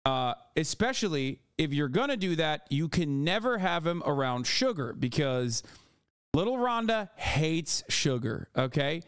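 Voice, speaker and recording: A man's voice: fairly high pitch, sing-song, unhurried, a bit bright, clear, resonant tone, no echo, studio quality. A man streaming live, reacting to clips with mocking, exasperated, profane commentary.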